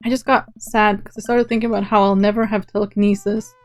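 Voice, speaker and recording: A woman's voice: medium pitch, flat delivery, fast talker, a little mellow, dry recording, faint music behind, lightly acted. A woman voicing a wry teenage girl in a video game, speaking in a dry, teasing way. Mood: deadpan.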